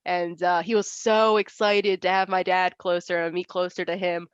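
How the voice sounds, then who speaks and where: A woman's voice: fairly low pitch, little pitch movement, moderate pace, clear, resonant tone, dry recording, muffled recording. A young woman in her twenties, an arm wrestler, chatting casually in an interview, laughing often and acting out quoted voices.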